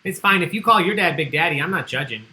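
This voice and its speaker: A man's voice: fairly high pitch, animated, quick pace, bright, forceful tone, slight background noise, low-quality recording. A man hosting an online trivia livestream, chatty and joking as he reads out the answers people sent in. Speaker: trivia host.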